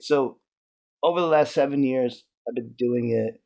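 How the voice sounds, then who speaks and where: A man being interviewed, telling stories in a loose, profane, animated way, with lots of restarts and "like". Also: medium pitch, unhurried. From New York. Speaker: interview guest. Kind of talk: casual storytelling.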